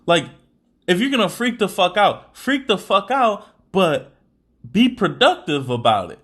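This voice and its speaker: A man's voice: high-pitched, sing-song, unhurried, fairly bright tone. A young adult man hosting a podcast, talking in casual, rambling chat full of slang and swearing. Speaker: podcast host.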